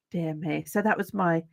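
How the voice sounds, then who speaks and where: A woman's voice: medium pitch, vocal fry, fairly bright tone, husky, dry recording. A middle-aged woman from England with a Brummie accent, chatting casually and self-mockingly to viewers on her channel. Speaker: YouTube host. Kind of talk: casual livestream chat.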